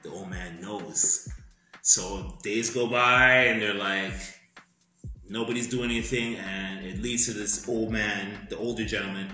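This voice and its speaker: A man with a voice on the low side and a slightly slow pace co-hosts a podcast, casually retelling a movie plot. He is animated and profane, acting out sound effects, while soft background music plays and the room echoes.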